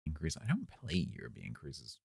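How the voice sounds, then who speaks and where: A man's voice: rumbling low, huge pitch swings, normal speed, gravelly, darkish tone, husky, dry recording. A British man streaming a naval game, chatting casually with viewers in a dry, sarcastic way. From Britain. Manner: dry, sarcastic banter with chat. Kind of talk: casual live-stream chat.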